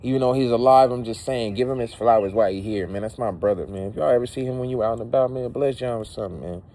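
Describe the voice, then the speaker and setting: A man's voice: mid-range voice, fast, mellow, slight background noise. A man speaking in an emotional, rambling personal monologue, repeating words for emphasis. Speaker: vlogger.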